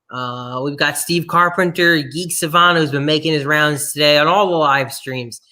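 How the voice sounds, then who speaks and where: A man with a New Jersey accent co-hosting a casual livestream, talking quickly and upbeat. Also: fairly high pitch, fairly even intonation, pushed and bright. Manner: quick, upbeat, reels off names. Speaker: co-host.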